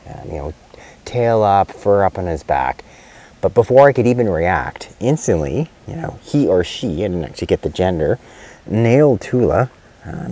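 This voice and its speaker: Middle-aged male vet, low voice, loose and chatty with many fillers and restarts. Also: mellow. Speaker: veterinarian. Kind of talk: casual spoken advice video.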